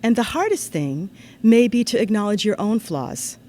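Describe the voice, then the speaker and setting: A woman giving a formal ceremony address to students, in an earnest, measured way that turns lively when she tells a story. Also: mid-range voice. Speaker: ceremony speaker. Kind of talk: formal commencement-style address.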